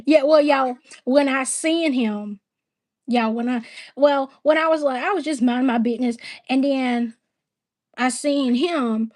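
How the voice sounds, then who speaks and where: A woman with a squeaky voice hosting a casual live-stream chat, giggling and reading out what her viewers say. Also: unhurried, a little mellow. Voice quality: high, squeaky voice. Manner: giggly, relays viewers' comments, playful. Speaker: livestream host.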